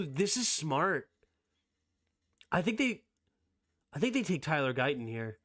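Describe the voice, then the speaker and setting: Excitable man reacting to sports news. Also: fairly high pitch. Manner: excitable, quick opinionated reactions. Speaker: streamer host. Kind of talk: casual live sports reaction chat.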